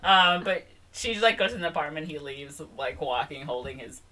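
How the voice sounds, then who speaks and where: A young woman retells a film's plot for her podcast co-host in loose, casual chat. Her voice is bright and clear, and she slips into quick voices for the characters' lines as she goes. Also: sits low, animated. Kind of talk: casual movie recap chat.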